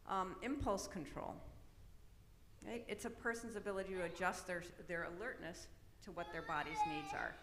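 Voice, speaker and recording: In an echoey church hall with long reverb and a little background noise, a middle-aged woman delivers an autism awareness talk. Her voice sits somewhat low, and she keeps things conversational, regularly checking in with tag questions.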